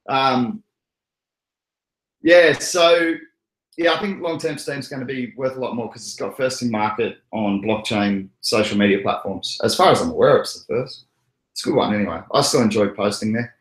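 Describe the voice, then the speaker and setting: An Australian man chats casually on a livestream, rambling from point to point and chuckling at his own jokes. His voice sits in a middle pitch. The recording has a roomy, echoey sound. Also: sharp tone. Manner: rambling, joking, chuckles often. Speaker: crypto livestream host.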